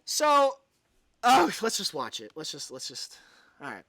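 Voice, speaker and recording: Male livestream host, high and lively voice, sarcastic commentary, dry sound. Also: moderate pace, no echo. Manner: sarcastic, exasperated, sighs. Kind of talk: ranting live commentary, reading an article aloud.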